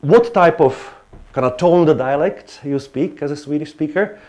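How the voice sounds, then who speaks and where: A man's voice: a little high, moderate pace, darkish tone. Hesitant male lecturer. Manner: hesitant, many restarts and fillers. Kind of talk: academic lecture.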